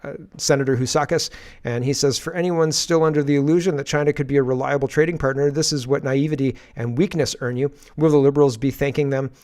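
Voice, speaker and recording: A man's voice: medium pitch, steady tone, quick pace, a little mellow. A man hosting a daily political commentary livestream, reading posts aloud with sarcastic asides and frequent laughs.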